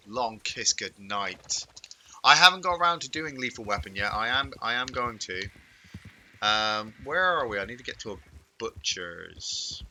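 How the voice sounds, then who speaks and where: A man chatting casually with viewers while playing a game, telling rambling stories with animated chuckles. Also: mid-range voice, a little hiss or hum, rough recording. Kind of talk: casual live-stream chat.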